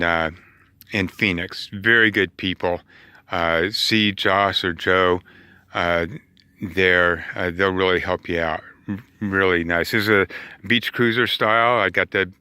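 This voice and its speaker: A man speaks slowly and at ease in a clear, bright voice, set a little low, as he walks a handheld camera around his outdoor camp by a river. His talk rambles and is full of fillers and restarts. The sound is dry and close. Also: no room sound. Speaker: van-life vlogger. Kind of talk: casual vlog walkthrough.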